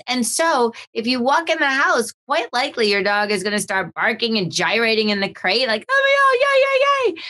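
A woman hosting a dog-training podcast in casual chat, animated and acting out voices of dogs and owners. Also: medium pitch, poor audio.

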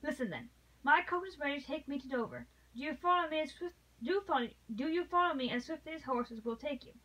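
A woman's voice: sits high, lively intonation, fast, fairly bright tone, distant mic, rough recording. A woman voicing a noble English lady who pleads with passion, read aloud from a novel. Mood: resolute. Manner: impassioned, pleading.

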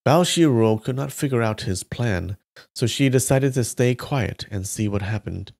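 A man reading a story aloud on a live stream with steady delivery. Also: mid-range voice, moderate pace, gravelly. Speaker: live reader.

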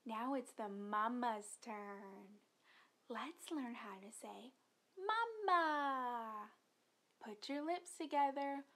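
Bright sing-song woman teaching toddlers. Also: a little high, lively intonation. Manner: exaggerated sing-song with gasps of delight, drawn-out simple words. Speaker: children's educator, speech therapist.

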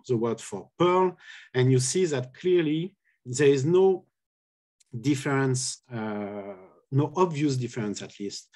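A man's voice: medium pitch, dark tone. A man giving an academic colloquium talk on linguistics, explaining step by step with many hesitations and self-corrections. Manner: hesitant, many filler sounds. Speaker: linguistics lecturer.

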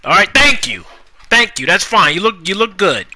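A young man giving casual, profane commentary while playing a life-simulation game, scolding the characters out loud. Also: high-pitched, normal speed, background noise. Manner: animated, profane, talks to the game characters, rhymes jokingly. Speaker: gaming YouTuber. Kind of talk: casual Let's Play commentary.

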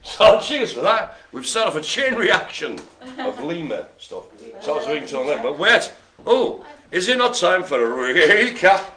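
A man's voice: fairly high pitch, big pitch swings, unhurried, crowd noise. A man hosting a live online bingo show, cracking puns and making silly noises between calls. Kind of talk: jokey live bingo calling.

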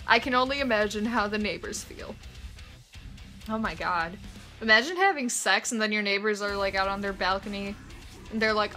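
A woman's voice: mid-range voice, a little fast, bright, forceful tone, soft background music. A young woman reading fan fiction aloud on her channel, breaking off with giggly, sarcastic comments. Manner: giggly, sarcastic asides between read passages.

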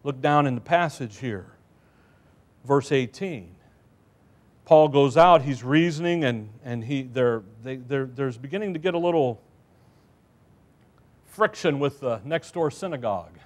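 A man's voice: mid-range voice, lively intonation, measured pace, pauses often. A man preaching a church sermon in a folksy storytelling way, with asides to the listeners.

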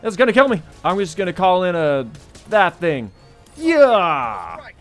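A man hosting a gaming channel, giving excitable let's play commentary full of yelps and laughter. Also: high-pitched, a little slow, faint music behind.

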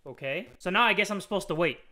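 A young man from Southern California chatting casually in a jokey, crude, loud way on his vlog. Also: sits high, animated, quick pace. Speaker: YouTuber.

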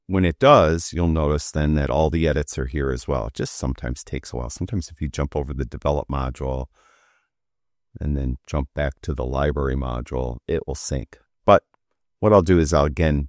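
A man walking through a software feature in a casual screen-recorded tutorial, talking while he clicks, with relaxed fillers. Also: extremely low pitch, no room sound, clean studio sound.

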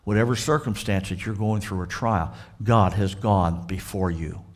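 A male pastor with a Southern American accent preaching a sermon, acting out dialogue between the characters in a lively storytelling manner. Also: low voice, normal speed. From Florida.

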